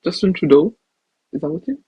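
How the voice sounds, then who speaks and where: A woman's voice: deep voice, lively intonation, brisk, breathy edge, no room sound, highs cut off. A woman co-hosting a podcast in casual chat over a remote call, bringing up topics and reading out comments. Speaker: podcast co-host.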